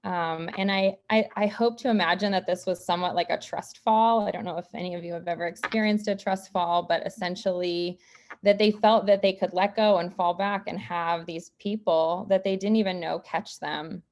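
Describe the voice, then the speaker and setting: A woman speaking reflectively on a panel in a soft manner. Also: on the low side, fairly even intonation, moderate pace. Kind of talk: panel talk.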